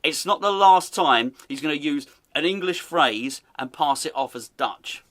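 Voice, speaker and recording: Man, podcast host, amused and teasing, laughs often, bright voice. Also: on the high side, expressive, unhurried. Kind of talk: casual comedic commentary.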